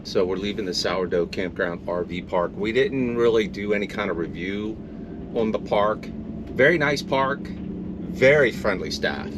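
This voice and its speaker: A man's voice: fairly low pitch, expressive, unhurried, noisy background. A middle-aged man chatting casually as an RV travel vlogger, easygoing and joking with his wife. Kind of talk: casual vlog chat. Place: inside and around an RV at a campground.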